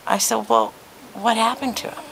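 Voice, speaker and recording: A woman telling a long joke as a folksy, drawn-out story. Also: a little high, vocal fry, a bit bright, slight background noise, poor audio. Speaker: joke teller.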